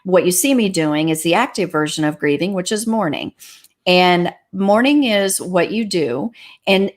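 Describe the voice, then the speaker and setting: A woman's voice: mid-range voice, expressive, measured pace. A woman grief counselor on a talk show, teaching in a repetitive, emphatic way. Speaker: pet loss grief counselor. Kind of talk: livestream talk show chat.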